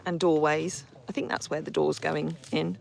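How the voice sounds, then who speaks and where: A woman's voice: low voice, level tone, moderate pace, creaky, slight background noise. A woman hosting a casual live stream from horseback outdoors, reading viewer comments and cooing and scolding her horses in between.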